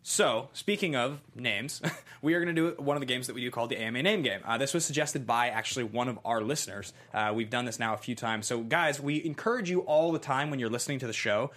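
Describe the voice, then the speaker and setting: A man hosting a casual movie podcast, loose and joking, filling his talk with "like" and "um." His pitch sits in an ordinary middle range. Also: quick pace. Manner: relaxed, joking, many fillers. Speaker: podcast co-host.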